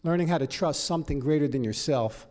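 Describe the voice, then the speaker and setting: A man from Los Angeles telling his life story at a recovery meeting, animated and profane. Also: a little high, fairly quick. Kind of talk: personal story talk.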